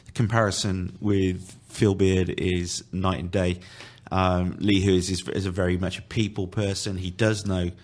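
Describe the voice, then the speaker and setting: A man's voice: sits low, little pitch movement, a little slow, few pauses. A man talking hesitantly as a guest on a football podcast, restarting his sentences often. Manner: hesitant, with many restarts and fillers. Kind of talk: casual football podcast discussion.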